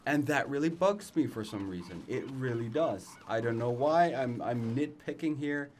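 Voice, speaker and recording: A man's voice: mid-range voice, normal speed, slight background noise. A young man, not a native English speaker, giving casual let's play commentary, ranting and swearing with self-mocking asides.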